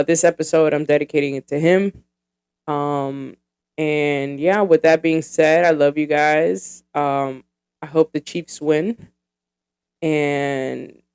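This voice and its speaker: A woman's voice: deep voice, a little mellow, smooth. A woman in her thirties hosting her own podcast, talking in a casual, rambling, profane way with lots of fillers. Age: 30s. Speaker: podcast host.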